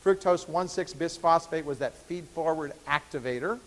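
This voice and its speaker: A man's voice: a little high, normal speed, a bit bright. A man giving a university biochemistry lecture in a conversational way, with fillers and restarts. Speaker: biochemistry professor. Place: lecture hall. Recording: echoey lecture hall.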